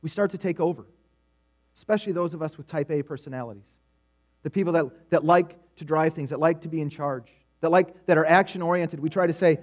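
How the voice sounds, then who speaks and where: A middle-aged man delivers a sermon in a relaxed, story-driven way, often doubling back on his words. His voice sits notably high for a man. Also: a little fast. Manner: conversational storytelling preaching with repetitions. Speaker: preacher.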